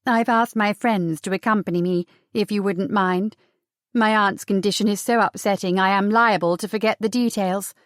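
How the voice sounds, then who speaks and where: A daring young woman talks with breezy, cheeky confidence, as a woman narrator puts her on. She sounds bold and quick to take charge. The audiobook recording is dry and close. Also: mid-range voice, steady tone, no echo, natural voice.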